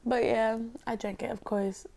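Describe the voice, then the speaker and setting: Young woman rambling casually over food, half whispered, higher voice with a gravelly fry. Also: steady tone, normal speed, mellow. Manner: rambling storyteller, heavy filler 'like'. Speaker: ASMR mukbang creator. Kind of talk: casual chat while eating, partly whispered.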